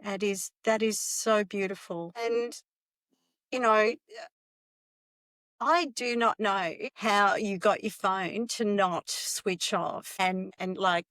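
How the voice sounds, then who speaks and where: A woman hosts a podcast and answers her guest slowly and gently, repeating words as she works out what to say. The sound is dry and close. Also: medium pitch, steady tone, dry recording. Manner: slow, warm-hearted, repeats words as she thinks. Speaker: podcast host. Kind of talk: conversational interview.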